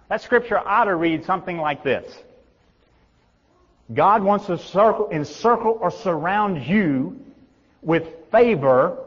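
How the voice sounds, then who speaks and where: A middle-aged male pastor preaching a sermon, swinging between loud emphatic peaks and hushed low tones. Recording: dull reverberant hall sound.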